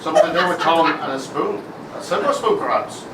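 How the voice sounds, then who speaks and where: A man's voice: on the high side, brisk, close to an everyday voice. An Irish man acting a puzzled village doctor, coaxing and guessing aloud, in an amateur stage comedy. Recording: echoey hall, distant, loud noise.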